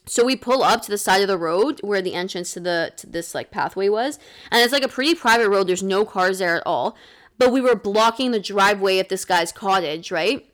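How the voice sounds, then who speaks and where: A woman's voice: medium pitch, brisk, fairly bright tone. A young woman co-hosting a podcast, casually telling a story with lots of "like" and some swearing. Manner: chatty, fillers of "like", swears casually. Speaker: podcast co-host.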